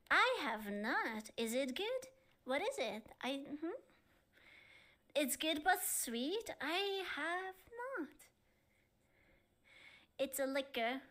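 A young woman live-streaming, chatting casually with viewers in a cheeky, playful, excitable way. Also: high voice. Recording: loud background noise.

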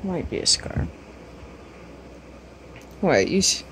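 A woman's voice: lowish voice, animated, measured pace, slight background noise. A woman at home talking to her pets in a teasing, sing-song baby-talk voice. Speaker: pet owner filming her animals. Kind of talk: casual pet talk.

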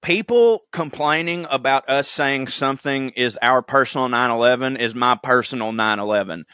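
A man, co-hosting a podcast and telling stories in a profane, animated way, acting out the people he quotes. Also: medium pitch, normal speed, smooth, no room sound, studio quality. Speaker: podcast co-host. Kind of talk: casual chat, comic storytelling.

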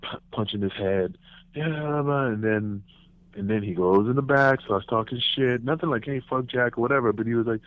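A man, a former pro wrestler, telling backstage stories in a casual interview, animated and profane, acting out what others said. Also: on the low side, no room sound. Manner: animated, profane, acts out quotes in raised voices. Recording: tinny phone line, dry.

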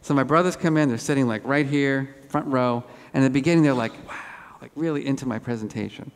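A man giving a lively conference keynote, telling animated self-deprecating stories on stage. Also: mid-range voice, fast, clear, resonant tone. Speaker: keynote speaker. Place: large auditorium. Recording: hall reverb.

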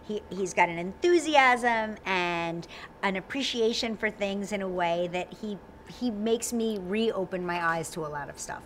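A middle-aged woman co-hosting a morning talk show, chatting in a lively, animated way, laughing and acting out quotes. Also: medium pitch, measured pace, slight background noise. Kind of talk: lively casual chat. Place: TV studio.

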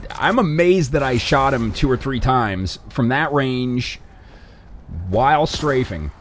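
A young man giving casual, sarcastic commentary over his own shooter gameplay, swearing and breaking into excited outbursts. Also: mid-range voice, takes it slowly, slight background noise.

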